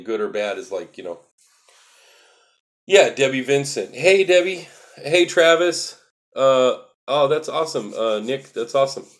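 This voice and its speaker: Low-voiced man explaining earnestly. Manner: earnest, repetitive, emphatic explaining. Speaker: spiritual livestream host. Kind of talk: casual livestream talk answering viewer chat.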